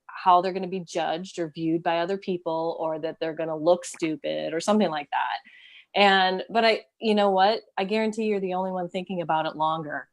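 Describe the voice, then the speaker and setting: A woman in a casual chat, speaking earnestly and reassuringly. Her voice sits a little low. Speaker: co-host.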